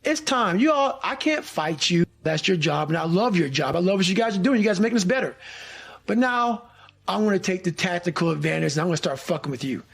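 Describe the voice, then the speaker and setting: Gravelly, high-pitched intense man. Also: lively intonation, fast. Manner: intense, swearing, acts out quoted shouts. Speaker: former special forces trainee telling a story. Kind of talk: profane motivational storytelling.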